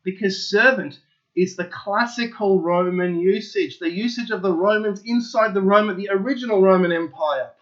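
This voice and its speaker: Excitable high-voiced man, lo-fi sound. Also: moderate pace. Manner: excitable, insistent, keeps repeating himself. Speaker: channel host. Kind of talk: opinionated solo monologue to viewers.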